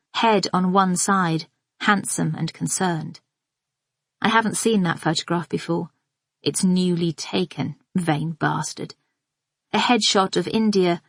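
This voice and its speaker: Lady reading a suspense audiobook, lowish voice, calm and measured, dry close mic. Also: no echo. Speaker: audiobook narrator. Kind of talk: first-person audiobook narration.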